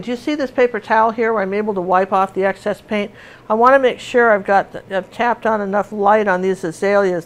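A middle-aged woman teaching painting in a casual, rambling, chatty way with many fillers and restarts. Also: mid-range voice. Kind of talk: casual tutorial chat while painting.

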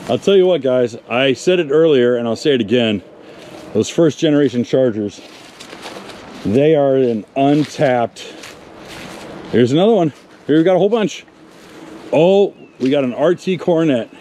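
A man's voice: mid-range voice, lively intonation, a little slow, pauses often, warm tone, slight background noise. A man presenting a casual outdoor walkaround of old cars, chatting to viewers and talking to the cars themselves. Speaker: car magazine presenter. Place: outdoors in a wooded salvage yard.

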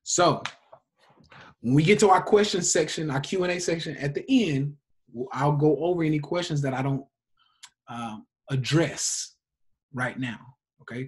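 Husky guy teaching trading, cussing a lot, blunt, laughs a bunch. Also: medium pitch. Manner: profane, blunt, laughs often. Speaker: trading class instructor. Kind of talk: blunt live class talk.

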